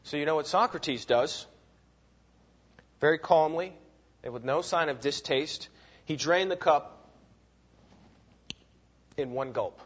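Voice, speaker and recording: Bible teacher guy, emphatic and animated, voice a bit high, muffled lo-fi audio. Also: takes it slowly, long pauses, slightly rough. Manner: animated, emphatic, repeats words and asks "right?". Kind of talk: classroom lecture with readings.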